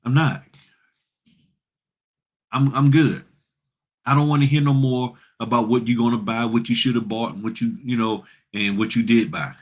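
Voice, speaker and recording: A man's voice: medium pitch, steady tone, moderate pace, long pauses. A middle-aged man hosting a casual livestream, talking bluntly and preachily to his viewers in slangy speech. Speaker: notary business host.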